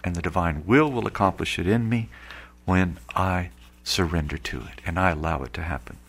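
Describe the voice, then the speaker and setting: Male preacher, gravelly, lowish voice, earnest sermon, radio broadcast. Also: normal speed, fairly bright tone. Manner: earnest, rising to emphatic outbursts.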